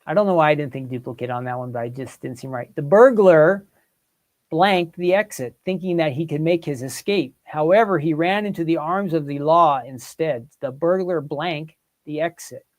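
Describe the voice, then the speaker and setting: Guy hosting a live chat quiz, talks in a higher register, keeps asking the chat what they think. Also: moderate pace. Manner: thinks aloud, polls the chat. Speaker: livestream host.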